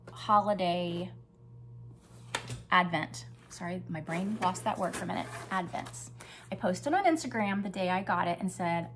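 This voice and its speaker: An older woman hosting a crafting vlog, chatting enthusiastically as she shows off her projects and sometimes dropping to a hush. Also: mid-range voice, a little hiss or hum. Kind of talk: casual show-and-tell chat.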